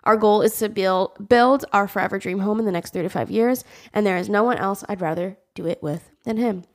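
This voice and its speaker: A woman's voice: mid-range voice, a little fast. A young woman co-hosting a casual podcast, laughing often, swearing freely and reading a listener's letter aloud. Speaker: podcast co-host.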